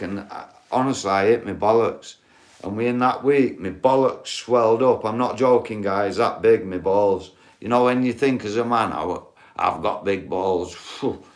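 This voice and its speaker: A man, rambling and swearing as he chats casually with viewers on a livestream. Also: on the low side.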